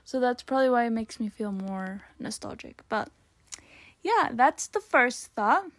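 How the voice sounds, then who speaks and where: A woman's voice: a little high, big pitch swings, a little slow, fairly bright tone, no echo. A young woman hosting a casual solo podcast, chatting and rambling through her old written notes with lots of fillers. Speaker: podcast host.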